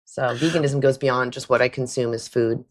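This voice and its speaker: A woman's voice: very deep voice, steady tone, brisk. A woman hosting a live call-in stream, talking bluntly and mockingly to callers. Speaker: livestream host taking callers.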